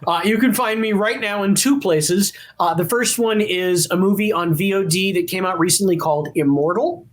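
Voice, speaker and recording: A man guesting on a podcast interview, telling an animated anecdote. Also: high voice, normal speed. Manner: animated storyteller. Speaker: actor guest.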